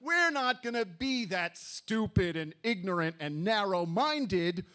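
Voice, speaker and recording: High-voiced man, slow sardonic stand-up. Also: sing-song, bright, forceful tone, clean tone. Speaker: stand-up comedian. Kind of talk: stand-up set. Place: live comedy club.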